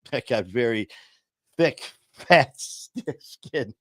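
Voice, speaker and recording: A man's voice: medium pitch, lively intonation, drawn-out words, fairly bright tone. A man from Detroit hosting a podcast, telling jokey stories about himself in a casual chat, laughing at his own punchlines. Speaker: podcast host.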